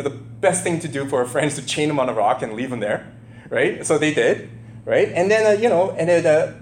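Man preaching, lively swooping voice, fairly high, roomy echo, faint hum behind. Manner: animated, asks the listeners questions, acts out quotes. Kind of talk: conversational sermon, Bible teaching.

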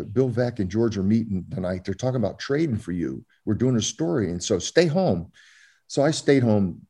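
A man's voice: mid-range voice, mellow. An older man from Florida, a former ballplayer telling stories in an interview, rambling with many fillers and restarts. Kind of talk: storytelling interview.

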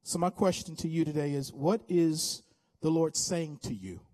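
Impassioned American pastor with a high voice. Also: male voice, normal speed, warm tone. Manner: impassioned, repetitive exhortation. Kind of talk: sermon with altar call. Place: church sanctuary.

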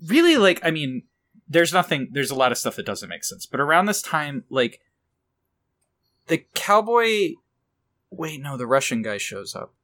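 Bright, animated man chatting casually. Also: a little high, normal speed, pauses often. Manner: rambling, incredulous, lots of fillers. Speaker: podcast co-host. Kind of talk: casual chat.

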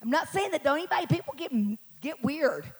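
Scratchy-voiced woman preaching loudly. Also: sits high, lively intonation, fast talker. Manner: preaching with call-outs, shouting and singing. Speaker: pastor. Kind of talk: sermon.

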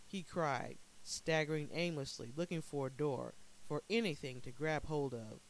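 A man narrating a dark short story in a measured, dramatic way. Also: fairly high pitch, rough recording.

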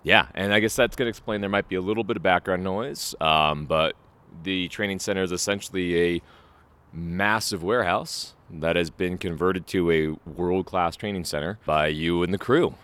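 A man from Oregon, a guest host, talks in a lively, loose, joking way in a casual interview. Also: low voice, normal speed, clean tone. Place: converted warehouse training center.

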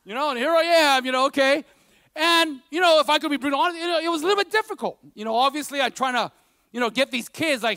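A man's voice: extremely high pitch, expressive, quick pace, sharp tone, no echo, studio quality. A man preaching a sermon as pastor, telling personal stories in a conversational way full of "you know" and building to emphatic preaching.

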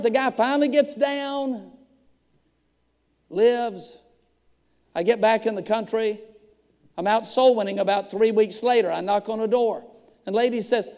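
A man preaching as a pastor, telling a story with lively acted-out dialogue. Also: high voice. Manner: animated storyteller acting out dialogue. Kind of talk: storytelling sermon. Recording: long hall reverb.

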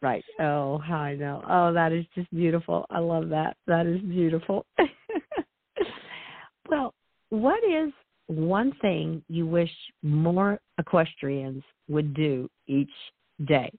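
A woman hosting a casual interview, gushing with praise and laughing softly, heard over call audio. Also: deep voice, takes it slowly, dry recording. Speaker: interview host. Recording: tinny phone-like call audio, dry.

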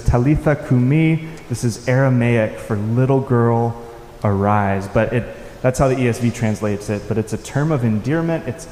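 Male pastor, warm, relaxed tone, unhurried sermon delivery, reverberant hall sound. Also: medium pitch, a little hiss or hum. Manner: unhurried, reflective, with soft-spoken quoted lines. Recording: echoey hall with faint ambience.

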